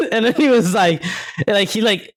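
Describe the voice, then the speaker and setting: A young man co-hosting a podcast, telling stories in an animated way and laughing often. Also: high voice, a little slow. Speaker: podcast co-host. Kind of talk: casual chat.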